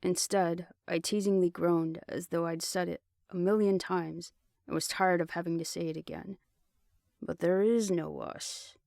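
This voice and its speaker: A woman reads a first-person novel aloud in a low, gravelly voice. Her storytelling is even and steady. The recording is close and dry with no room sound. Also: normal speed, dry recording. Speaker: audiobook narrator. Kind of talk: first-person fiction reading.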